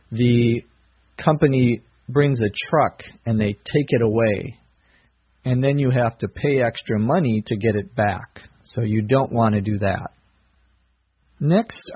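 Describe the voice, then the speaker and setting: Middle-aged male English teacher, husky voice, unhurried careful delivery. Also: medium pitch. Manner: slow, careful explanation of vocabulary. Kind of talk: slow scripted language lesson. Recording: dull lo-fi recording.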